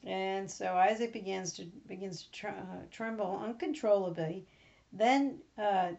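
A woman's voice: medium pitch, measured pace, creaky, a little mellow. A woman hosting a podcast, recapping a Bible reading in a chatty, rambling, informal way. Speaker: podcast host. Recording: slightly muffled recording.

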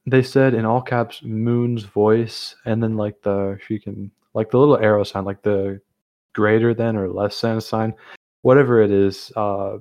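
A man's voice: on the low side, flat delivery, measured pace, darkish tone. A young man hosting a casual chat, rambling with lots of fillers and restarts. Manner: rambling, full of fillers and self-corrections. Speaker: host.

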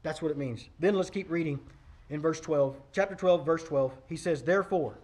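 A man's voice: fairly high pitch, moderate pace, a little mellow. A man, preaching a sermon in a conversational, emphatic way, talking straight to the congregation. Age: 40s. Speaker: pastor.

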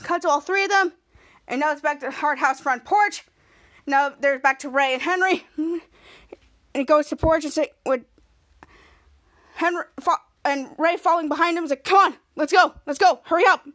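A woman's voice: high voice, moderate pace, long pauses, a bit bright. A woman podcast host giving a chatty, loose play-by-play recap of a TV episode.

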